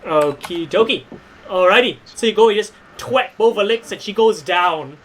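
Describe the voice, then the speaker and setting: A man's voice: sits high, fairly bright tone, slight background noise. A man acting as game master for a tabletop wrestling game, narrating with playful jokes and swearing. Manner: playful, swearing, quick to joke.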